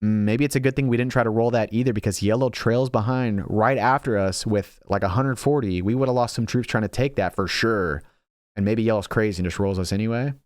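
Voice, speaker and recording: This gaming channel host, a young man with a voice on the low side, comments fairly quickly on his own strategy game. Thinking aloud, he jokes about his mistakes and keeps restarting his sentences. There is no room sound, just clean studio audio.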